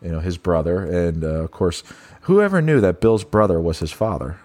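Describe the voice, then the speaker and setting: A man's voice: deep voice, very animated, normal speed, darkish tone. A man co-hosting a casual film review chat, talking loosely, laughing often and acting out lines from the film. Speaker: podcast co-host. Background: faint synth music.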